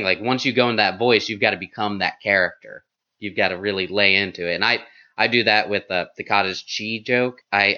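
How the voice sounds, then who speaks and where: A flamboyant man talking casually about his stand-up, animated and full of fillers. His voice is lowish but bright and forceful, and the recording sounds slightly dull and lo-fi. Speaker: stand-up comedian. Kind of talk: casual chat.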